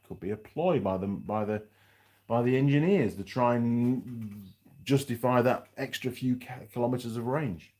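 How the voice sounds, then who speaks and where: A man's voice: medium pitch, normal speed, a little mellow. A man hosting a live stream from his workshop, chatting casually and rambling through viewer comments with restarts and asides. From United Kingdom. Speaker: livestream host. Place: home workshop.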